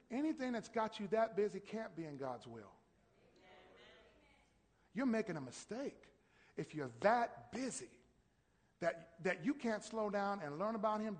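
Man, pastor, sermon, high voice, shouted emphasis, call-and-response, long church-hall reverb. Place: church sanctuary.

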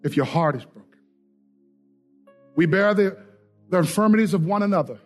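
Male pastor, high voice, fiery call-and-response sermon, church setting. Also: expressive, moderate pace, soft background music. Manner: fiery, call-and-response preaching that swings from loud shouts to quiet prayer. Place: church sanctuary with a congregation.

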